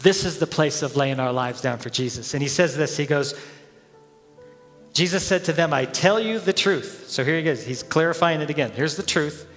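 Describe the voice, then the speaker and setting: A man's voice: a little high, normal speed, fairly bright tone, long reverb tail, soft background music. A man preaching a sermon as head pastor, telling the story with energy, acting out the crowd's voices and often chuckling.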